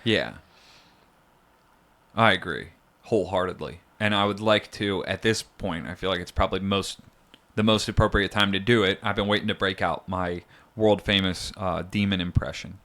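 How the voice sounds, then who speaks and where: A man's voice: deep voice, moderate pace, a bit bright. A man co-hosting a podcast in casual chat, rambling and jokey, often mocking himself. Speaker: podcast co-host.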